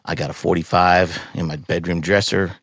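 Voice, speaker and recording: A middle-aged man, a podcast guest, telling a painful personal story in a raw, halting way, swearing often and restarting his sentences. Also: low-pitched, fairly even intonation, fairly bright tone, slightly rough, no room sound, clean studio sound.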